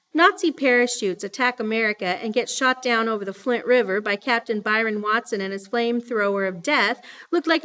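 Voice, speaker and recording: A woman reading a novel aloud in an expressive, steady storytelling voice. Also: a little high. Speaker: reader. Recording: slightly dull lo-fi recording.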